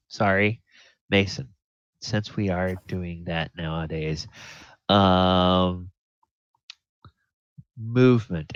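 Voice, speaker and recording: A man running a tabletop game as game master, unhurried and thinking aloud with many fillers. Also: sits low, no room sound. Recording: dull lo-fi audio.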